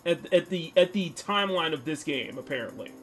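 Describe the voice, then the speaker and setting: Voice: mid-range voice, lively intonation, a little fast, soft background music. A streamer in their thirties ranting heatedly about a game during a stream. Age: 30s. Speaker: gaming streamer.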